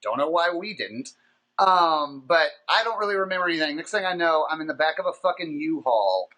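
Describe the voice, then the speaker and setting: Man, podcast host, casual storytelling, high-ish bright voice, lively swings in pitch, profane. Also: a little fast. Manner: animated, profane, rambling anecdote.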